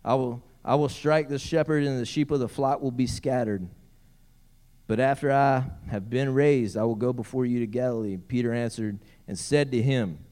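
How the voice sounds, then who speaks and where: A man's voice: medium pitch, darkish tone, clean tone. A man preaching a sermon as pastor, reading scripture aloud and breaking in with playful asides.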